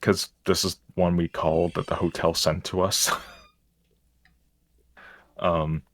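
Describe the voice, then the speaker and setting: A man's voice: deep voice, little pitch movement, slow, no echo. A man, a stream guest, telling stories in casual chat, rambling and self-mocking with frequent restarts.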